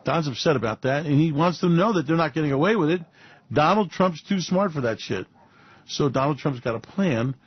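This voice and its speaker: A show host with a medium-pitched, slightly rough male voice delivers a rambling, sarcastic commentary monologue, chuckling often and sounding mocking and theatrical. The recording is dull and lo-fi, with no echo.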